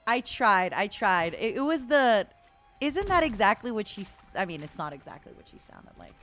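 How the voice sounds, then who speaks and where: A woman's voice: mid-range voice, big pitch swings, normal speed, a bit bright, faint music behind. A woman streamer giving playful, casual commentary as she plays a game, calling her viewers honey and darling.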